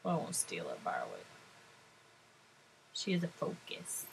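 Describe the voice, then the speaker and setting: A woman's voice: low-pitched, huge pitch swings, moderate pace, gravelly, long pauses, a bit bright, a little hiss or hum, poor audio. A middle-aged woman chatting casually to her viewers, rambling from story to story and laughing often. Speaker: vlogger.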